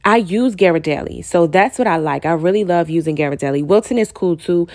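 Speaking briskly in a lowish voice, a woman gives a chatty, informal voice-over for her baking tutorial. She addresses her viewers directly and gets excited as she goes.

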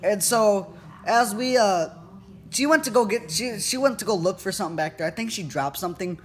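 A man's voice: high voice, expressive, a little fast. A teenage boy vlogging, retelling an incident in a rambling way full of fillers. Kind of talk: casual storytelling to camera.

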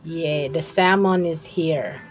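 A woman's voice: deep voice, slow. A young woman with a Visayan Filipino accent chatting casually and giggling with viewers as she streams a game. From Visayas, Philippines. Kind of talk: casual live-stream chat while playing.

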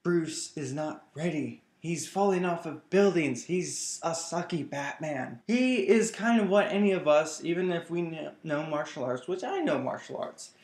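A man gives a casual vlog review, enthusiastic and rambling. His voice sits a bit high for a man. The room around him is roomy and echoey. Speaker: comic book reviewer.

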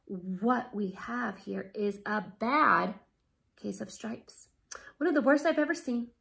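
Woman reading as a soft-spoken kind old woman. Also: medium pitch, slow, creaky. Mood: gentle. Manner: soft hushed whispery delivery. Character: kind plump old woman healer, gentle.

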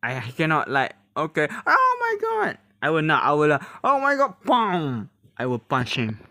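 A man hosting a reaction video, talking casually in halting English, often laughing and exclaiming. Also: fairly high pitch, wildly swooping pitch, sharp tone, no room sound, studio quality.

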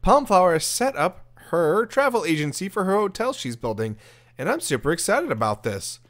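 A man narrates his gameplay in a bright, chatty commentary style. His voice sits a little above typical for a man and swoops up and down with plenty of animation. He keeps things upbeat and pokes fun at himself with quick laughs. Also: high voice, sing-song. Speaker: Minecraft let's-play creator. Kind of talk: game commentary voice-over.

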